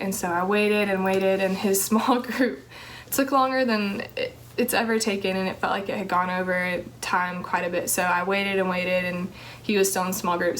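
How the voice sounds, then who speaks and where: A woman's voice: medium pitch, slight background noise, low-quality recording. A young woman telling an earnest personal testimony about her calling, with many fillers and restarts. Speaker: teacher sharing a ministry calling testimony.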